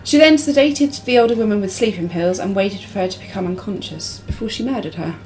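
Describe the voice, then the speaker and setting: A woman's voice: mid-range voice, brisk, a little mellow, low-quality recording. A woman hosting a casual podcast, reading case details and then chatting loosely with her co-host. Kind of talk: casual true-crime chat.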